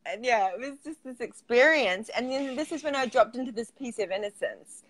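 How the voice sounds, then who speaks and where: A woman's voice: a little high, animated, brisk. A woman, a tantra coach, telling a personal story in a casual way, with lots of fillers and frequent laughter. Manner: chatty, filler-heavy, laughs often.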